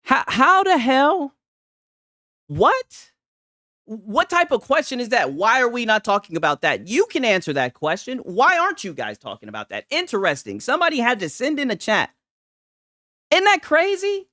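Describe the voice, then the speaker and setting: A young man hosting gaming reaction commentary, animated, profane and mocking. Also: high-pitched, a little fast, few pauses, no room sound, studio quality.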